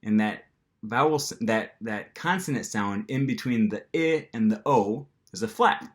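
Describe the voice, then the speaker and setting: A male language teacher with an American accent and a mid-range voice teaches pronunciation to camera in a casual manner, acting out the sounds himself and saying "um" frequently. He's animated and speaks at a measured pace.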